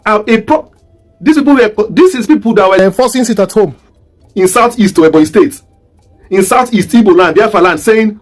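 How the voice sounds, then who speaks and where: A man's voice: high-pitched, fairly quick, faint music behind. A man with a Nigerian accent giving emphatic, rhetorical commentary to his viewers, firing repeated questions. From southeast Nigeria. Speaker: online commentator. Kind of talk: commentary video.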